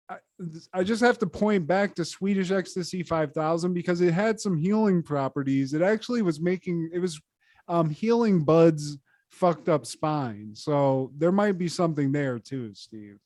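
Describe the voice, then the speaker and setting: A man co-hosting a podcast, retelling a sitcom episode in a profane, animated, casual way. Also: measured pace, dry recording, studio quality. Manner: profane, animated retelling, trails off low when addressing his co-host. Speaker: podcast co-host.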